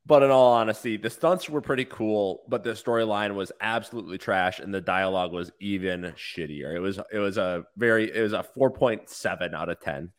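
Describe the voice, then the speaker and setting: A man's voice: lowish voice, fairly quick, few pauses. A man co-hosting a podcast in casual chat, giving blunt opinions. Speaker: podcast co-host.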